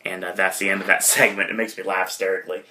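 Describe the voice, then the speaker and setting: A man's voice: low voice, flat delivery, racing, pushed and bright, slight background noise. A man hosting a podcast, casually retelling a film scene by scene, rambling with many fillers and correcting himself as he goes. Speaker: podcast host.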